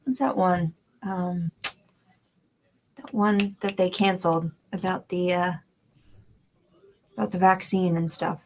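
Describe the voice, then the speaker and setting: A woman co-hosting a live web talk show, relaxed and chatty in casual conversation. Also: on the low side, slow pace, long pauses, slight background noise.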